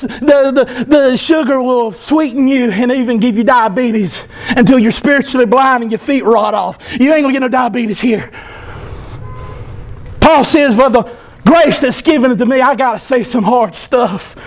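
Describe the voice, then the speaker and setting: A male pastor preaching an impassioned sermon, often breaking into shouts. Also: very high voice, a little slow. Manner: impassioned, fervent, bursts into shouting.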